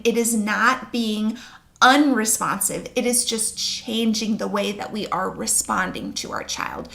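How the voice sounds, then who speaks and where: A woman's voice: fairly high pitch, vocal fry, fairly bright tone. A young adult woman working as a sleep consultant, giving earnest, reassuring parenting advice to camera. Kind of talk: talking-head advice video.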